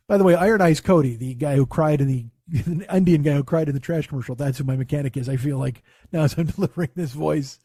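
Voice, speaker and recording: A man's voice: on the high side, fast, mellow, dry recording, studio quality. A man, a comedian hosting his own podcast, telling a rambling, profane story with many restarts. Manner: rambling, profane, self-interrupting. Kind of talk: casual comic storytelling.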